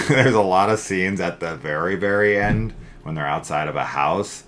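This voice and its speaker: Male co-host, low and bright, animated and profane, casual review chat. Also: normal speed, a little hiss or hum. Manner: animated and profane, ranting, mimics scenes loudly. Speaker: co-host of a horror film review channel.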